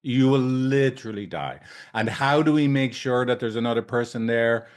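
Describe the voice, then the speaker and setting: Man, thirties, therapist trainer, casual, profane, animated, keeps saying right. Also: medium pitch, normal speed, smooth. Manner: animated, swears freely, keeps tagging "right?".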